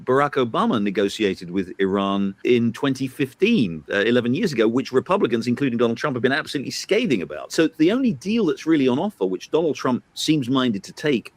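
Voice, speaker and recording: A man giving political commentary on a talk show, hesitant and full of fillers and restarts, turning emphatic as he argues. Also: mid-range voice. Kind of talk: analytical commentary chat.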